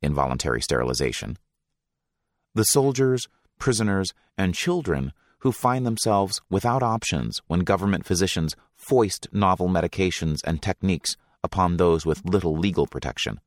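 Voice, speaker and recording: Deep-voiced man reading aloud deliberately. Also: lively intonation, dry recording, studio quality. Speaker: host reading a book aloud.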